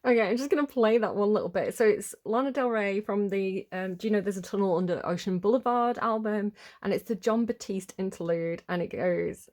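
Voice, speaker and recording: A woman chatting through a tarot reading in a loose, rambling way. She wanders off on tangents and apologizes for them, then settles back into reading card meanings at an unhurried pace. Her voice sits at an ordinary middle pitch. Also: darkish tone. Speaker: tarot reader. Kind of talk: casual tarot reading to camera.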